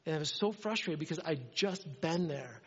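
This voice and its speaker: A middle-aged man preaching a sermon, telling a story with animated energy and acting out the dialogue. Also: fairly high pitch, normal speed, husky. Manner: animated, acts out dialogue in his stories. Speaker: pastor. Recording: dull sound with long hall reverb.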